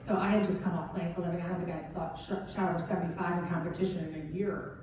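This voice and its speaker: Racing along in a fairly low voice with fairly even intonation, a middle-aged woman golf coach gives a relaxed motivational keynote punctuated by "right?". She's in a golf championship event hall, recorded with background noise through a distant, dull mic in a very echoey space.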